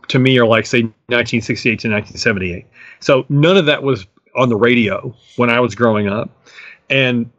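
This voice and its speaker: A man's voice: mid-range voice, fairly bright tone, no room sound. A middle-aged man talks about his music as a guest, enthusiastic and rambling. His speech is full of fillers and restarts. The recording sounds dull and dry. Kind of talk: casual storytelling interview.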